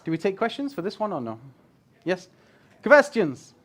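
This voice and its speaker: The male guest speaker talks fairly quickly in a slightly high voice, with a little hiss or hum in the audio. His casual user experience design presentation in an event room is lively, animated, and joking with the live crowd, with casual swearing.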